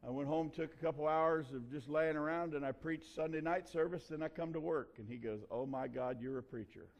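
A male pastor delivers his sermon in a relaxed, folksy manner, telling stories with homespun grammar. His voice sits a little higher than most men's. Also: fairly quick, a little hiss or hum. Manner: folksy, conversational preaching with dialect grammar. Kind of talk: sermon with personal story.

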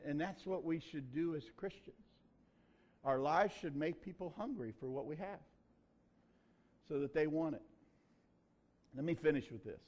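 A male pastor delivers his sermon in a relaxed, folksy manner, telling stories with homespun grammar. His voice sits a little higher than most men's. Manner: folksy, conversational preaching with dialect grammar. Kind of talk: sermon with personal story.

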